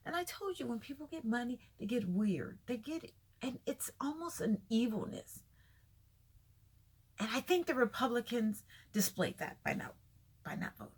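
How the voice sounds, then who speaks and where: Middle-aged woman vlogging, rambly, kinda gravelly and husky, slips into whispers now and then. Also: fairly high pitch, sing-song, moderate pace. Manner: rambling, drifts into whispers, loses her thread. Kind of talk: casual rambling monologue to viewers.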